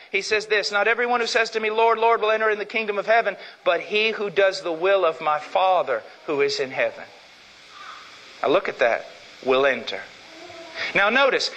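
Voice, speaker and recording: A man preaching a sermon with fervor, repeating phrases for emphasis and swinging from loud to low. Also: in a large hall, low-quality recording.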